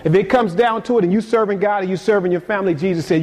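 A man preaching a sermon in a casual, conversational way, swinging between quiet passages and sudden emphatic peaks. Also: high-pitched, rapid-fire. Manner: casual conversational delivery with repeated words. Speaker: pastor.

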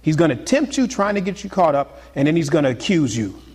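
A pastor preaching a sermon to his congregation, swinging between loud exclamations and hushed, confiding asides. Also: fairly high pitch, sing-song, brisk, breathy edge, in a large hall.

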